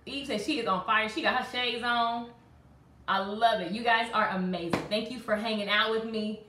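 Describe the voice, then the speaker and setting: A woman's voice: a little high, steady tone, normal speed, reverberant, background noise. A woman hosting a live stream, chatting with viewers and hyping them up. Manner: hyped, sings motivational chant, talks to commenters. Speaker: live-stream host and salon business coach.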